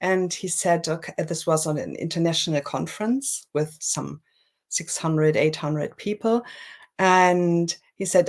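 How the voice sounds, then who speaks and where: Woman, German accent, lowish voice, unhurried, interview guest on video call. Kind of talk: interview conversation. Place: home in France.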